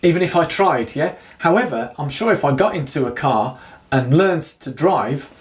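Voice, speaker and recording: A man's voice: a little high, animated, moderate pace. A man recording a casual running vlog, talking to his viewers in a rambling way with lots of fillers and restarts. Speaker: running vlogger. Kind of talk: casual video diary talk to viewers.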